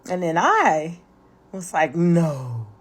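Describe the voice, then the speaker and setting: A woman slowly and reflectively recounting a personal experience to camera. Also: lowish voice, big pitch swings, darkish tone, slightly rough.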